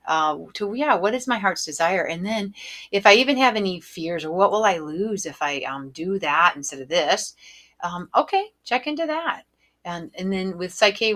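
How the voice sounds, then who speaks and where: A woman hosting her own podcast, giving gentle, encouraging spiritual coaching with many fillers and softly guided breathing. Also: on the low side. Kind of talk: solo podcast coaching talk.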